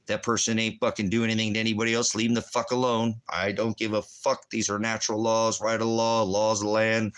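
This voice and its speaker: A man's voice: on the low side, little pitch movement, a little fast, few pauses, fairly bright tone, smooth. Furious profane man ranting. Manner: profane, combative, rambling. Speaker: veteran ranting. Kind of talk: angry profane rant.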